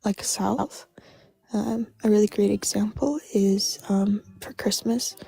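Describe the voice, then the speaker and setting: Groggy, raspy woman with vocal fry. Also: mid-range voice. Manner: soft-spoken, hesitant, many "um"s. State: groggy just-woken-up voice. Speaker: live show panelist. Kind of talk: live stream discussion.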